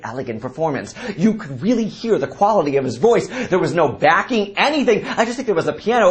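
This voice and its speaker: A young man recapping a TV talent show in a campy, gossipy, joking vlog. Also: high-pitched. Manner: campy, gossipy, bursts into sung snippets. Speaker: vlogger. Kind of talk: casual comedic TV recap.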